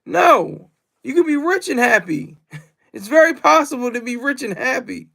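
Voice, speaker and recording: A man with a strikingly high, gravelly voice talks loosely through a livestream. He rambles, circles back to the same points and reads comments from the chat aloud. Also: very animated, normal speed, a bit bright. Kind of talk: casual livestream monologue.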